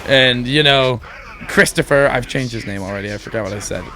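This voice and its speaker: A man's voice: medium pitch, a little fast, pushed and bright, slight background noise. A man, host of a gaming channel, telling a rambling joke in a goofy, giggly way, often interrupting himself. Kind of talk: rambling comic storytelling.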